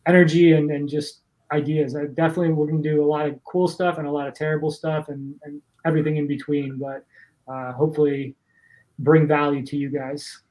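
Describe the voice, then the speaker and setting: Guy cohosting a podcast, slightly high voice, pretty monotone, eager and rambly. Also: fairly quick, rough recording. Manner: earnest, enthusiastic, rambling. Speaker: podcast co-host. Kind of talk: casual chat.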